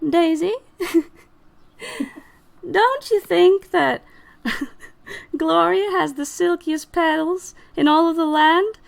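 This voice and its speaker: A woman voicing an excitable, fawning flower with bell-flower hair who gushes in drawn-out words. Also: very high-pitched, vocal fry, voice pushed up, full character voice. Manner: gushing, drawn-out, enthusiastic.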